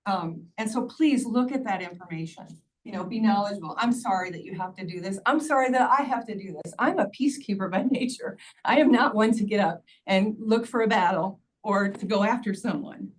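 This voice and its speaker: Captured by a distant mic with faint noise behind her, a public commenter in her sixties testifies earnestly and pleadingly at a county hearing. She speaks briskly at medium pitch, hardly pausing, in the county meeting room.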